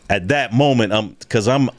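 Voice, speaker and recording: A man telling a profane, animated story in casual conversation, acting out the other voices in it. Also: on the low side, takes it slowly, no echo. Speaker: guest.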